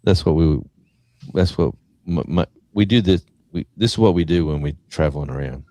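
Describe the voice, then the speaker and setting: A man's voice: deep voice, normal speed, dry recording. An Australian man, a guest musician, telling a story in casual chat and acting out what people said. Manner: animated storyteller acting out quotes.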